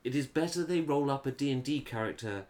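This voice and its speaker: A man's voice: medium pitch, expressive, quick pace, darkish tone. A tired man co-hosting a casual chat, making dry, wry asides. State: tired, yawning. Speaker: podcast co-host.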